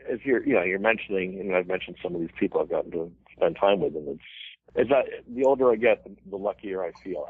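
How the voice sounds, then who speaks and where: Deep husky older man on a radio line. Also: no room sound. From United States. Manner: animated anecdotes with laughs and sung quotes. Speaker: banjo player, guest. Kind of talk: casual interview storytelling. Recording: thin phone-like radio line.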